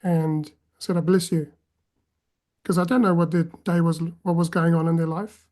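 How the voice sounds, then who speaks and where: A woman interviewing on a podcast, reflective, with soft hesitations. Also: lowish voice, flat delivery, moderate pace. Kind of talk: casual podcast chat.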